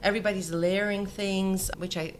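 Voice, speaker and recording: A woman's voice: mid-range voice, steady tone, normal speed, background noise. A woman from Denmark, a jewelry designer, chatting in an interview and telling anecdotes with quoted dialogue. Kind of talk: conversational interview.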